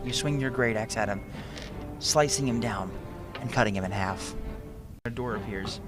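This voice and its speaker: A man narrating as game master of a tabletop game, lively and correcting himself as he goes. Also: medium pitch, moderate pace. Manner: lively, with restarts. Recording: music under the voice.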